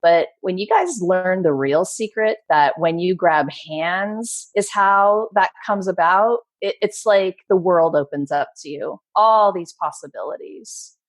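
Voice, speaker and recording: A woman's voice: fairly low pitch, lively intonation, a little slow, hardly any pauses, no room sound. Passionate middle-aged woman, motivational. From Maryland, USA. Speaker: guest. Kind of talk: casual interview chat.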